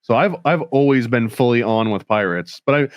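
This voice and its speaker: Brief: young male podcast co-host, mid-pitched, enthusiastic, dry close mic. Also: lively intonation, moderate pace, no room sound, dull audio. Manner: enthusiastic, fills with "like" and "um". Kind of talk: casual chat.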